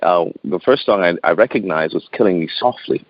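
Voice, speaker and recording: A very low-pitched man in his thirties recounts a personal story as an interview guest, speaking outdoors. His delivery is earnest and halting, with repeated words and frequent laughs. The sound is dull and dry, like a lo-fi line. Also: no room sound. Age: 30s.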